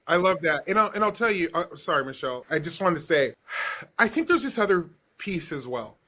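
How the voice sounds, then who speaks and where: A man guesting on a podcast as an author and comedian, telling stories in an animated, playful way. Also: fairly high pitch, a little fast. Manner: animated storyteller, playful and expressive. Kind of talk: casual podcast conversation.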